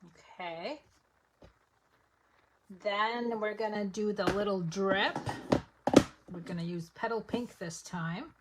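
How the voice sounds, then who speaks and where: A woman's voice: mid-range voice, takes it slowly, long pauses, noisy background. Chatty woman teaching a craft live. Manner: chatty, step-by-step, talks to viewers while working. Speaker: papercraft instructor.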